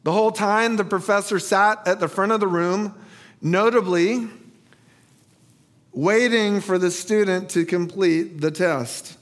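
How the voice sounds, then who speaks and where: A male pastor preaching a sermon, telling a story slowly and asking rhetorical questions. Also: sits high.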